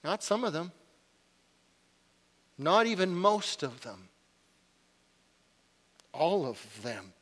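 Male pastor in his 40s, earnest sermon, fairly high voice, long hall reverb. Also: very animated, takes it slowly, pauses often, fairly bright tone. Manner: earnest, confessional, rising to urgent.

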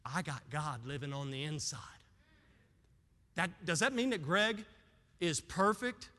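A man preaching a sermon as pastor to a congregation, moving between hushed, pleading passages and loud, fervent preaching. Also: a little high, measured pace, long reverb tail. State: out of breath at times. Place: church sanctuary with congregation.

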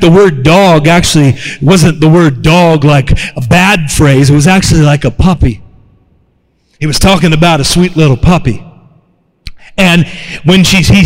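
A man preaching a sermon, animated and calling out to his congregation to respond. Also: fairly high pitch. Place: church sanctuary. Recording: long hall reverb.

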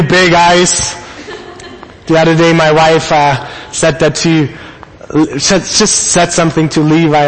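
A man preaching a sermon, telling a family story with animated quoted asides. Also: high voice, long reverb tail, a little hiss or hum, poor audio. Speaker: pastor.

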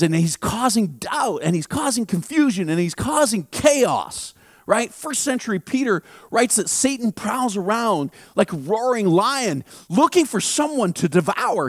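A man preaching a sermon as a pastor, repeating phrases and building to impassioned shouts. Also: high voice, no room sound, studio quality.

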